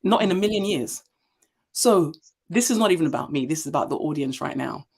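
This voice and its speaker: Interview guest: a woman in her forties from Nigeria, leadership speaker, emphatic storyteller with a low voice. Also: brisk, creaky, breathy edge. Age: 40s. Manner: emphatic, animated storytelling with many fillers.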